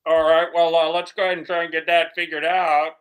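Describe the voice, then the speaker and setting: A man's voice: a little high, flat delivery, a little fast, a bit bright, clean tone, lightly acted. A man voicing an apologetic mission-control officer in an improvised comedy scene, hesitating often. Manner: hesitant, many "uh" fillers.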